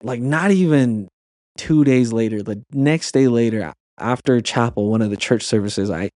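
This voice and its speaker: In a clean studio recording with no room sound, a youth camp leader guesting on a podcast shares a personal story sincerely. He speaks at a moderate pace in a mellow, mid-range voice, restarting often and using many fillers.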